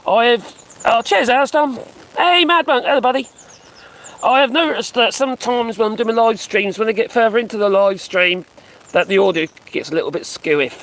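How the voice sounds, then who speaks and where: High-voiced man mocking a speech live. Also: normal speed, fairly bright tone, low-quality recording. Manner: sarcastic and mocking, swears and chuckles. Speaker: live streamer commenting on a speech. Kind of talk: casual live-stream commentary. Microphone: phone.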